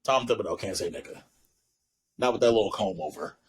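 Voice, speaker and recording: A young man co-hosting a podcast, chatting casually and telling stories loudly with lots of laughter. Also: low-pitched, a little fast, slightly rough, rough recording. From New York. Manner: loud animated storytelling, lots of laughing. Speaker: podcast co-host. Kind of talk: casual chat.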